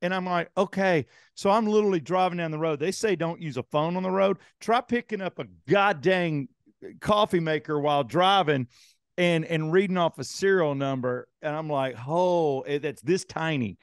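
A man's voice: a little high, normal speed, clear, resonant tone, no echo, clean studio sound. A man co-hosting a podcast, telling a long rambling story in casual chat and swearing freely. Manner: rambling, swears, animated retelling. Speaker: podcast co-host.

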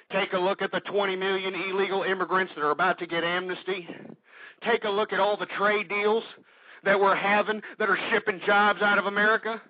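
A man's voice: high voice, dry recording. Fired-up ranting radio host, a man. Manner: fervent, shouting, repetitive, crude. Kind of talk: impassioned political radio rant. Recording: dull lo-fi internet radio recording.

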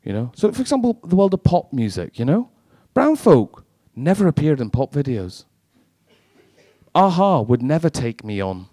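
A man doing stand-up comedy, trading sweary, quick banter with a live audience. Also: medium pitch, lively intonation, darkish tone, dry recording. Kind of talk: stand-up comedy with crowd work.

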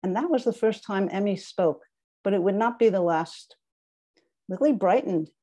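A woman's voice: medium pitch, expressive, moderate pace, mellow. A middle-aged woman author reading her memoir aloud in a wry, understated way.

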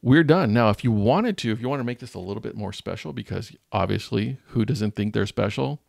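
A low, heavily gravelly male voice, recorded close and dry. He is a teacher walking viewers through a design tutorial, cracking self-mocking jokes as he works. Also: expressive, fairly quick, darkish tone, no room sound. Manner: jokey, self-deprecating, thinking aloud. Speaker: teacher and channel host.

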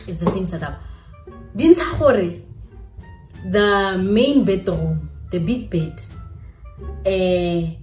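Young South African woman telling a storytime, lively and chatty, mid-pitched voice, echoey room with faint music behind. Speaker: YouTuber. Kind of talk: storytime vlog.

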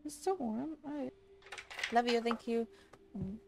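A woman's voice: a little high, measured pace, creaky, noisy background. A woman streamer giving casual gameplay commentary, chatty and apologetic, swearing and laughing often. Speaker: streamer playing a horror game.

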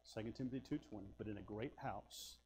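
A man preaching a sermon, telling folksy personal stories and swinging between loud bursts and hushed asides. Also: fairly low pitch, brisk, a little hiss or hum. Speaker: pastor.

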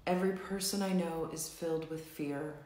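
A woman coaching a live tapping session, saying slow, repeated affirmations for viewers to echo. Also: deep voice, fairly even intonation, a little mellow. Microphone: live stream recording.

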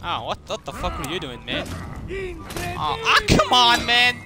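Young male gaming commentator, high lively voice, excitable trash talk over game music. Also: unhurried. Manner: excitable, trash-talking, swears a lot. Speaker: gaming YouTuber. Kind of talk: casual gameplay commentary.

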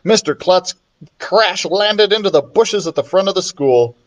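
A man reading a children's chapter book aloud, expressive and playful, switching voices for the characters. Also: a little slow. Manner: expressive, voices the characters with big pitch swings. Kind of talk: storybook read-aloud.

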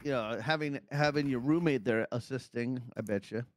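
A man's voice: medium pitch, moderate pace, no echo. A man chatting casually and joking with friends while playing an online game, teasing and playful. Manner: playful, jokey, swings between loud and quiet. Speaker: gaming friend. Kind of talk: casual gaming chat.

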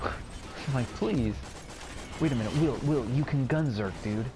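Slow-talking young man commenting on gameplay. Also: mid-range voice, over music. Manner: excitable, rambling, stammers and repeats words. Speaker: gaming streamer.

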